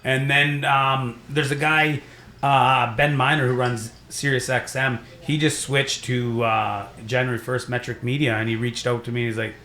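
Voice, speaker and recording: A man's voice: medium pitch, little pitch movement, sharp tone, echoey room. A young adult man from Saskatchewan, Canada, a stand-up comedian telling rambling stories in casual podcast chat. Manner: rambling storytelling, does quick voices.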